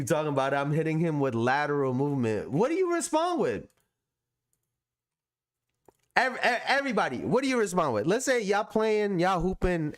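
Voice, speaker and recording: A man hosts a casual basketball talk for a live audience. His speech is slangy and easygoing, with lots of laughter. His pitch swings widely from low mutters to high bursts. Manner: laid-back and slangy, laughs often. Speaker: podcast host.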